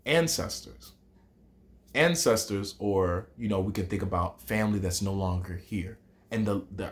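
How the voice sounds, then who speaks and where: A young man with a Southern accent, hosting a lively hip hop writing lesson and talking straight to his students. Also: on the low side. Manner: animated, rhythmic, addresses viewers directly. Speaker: teacher, host of the show.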